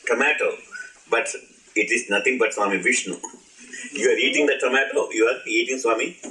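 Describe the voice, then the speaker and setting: A man's voice: mid-range voice, fairly quick, pushed and bright. A man giving an informal spiritual talk, playful and laughing, asking his audience questions. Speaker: spiritual teacher. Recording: echoey room, old archive recording.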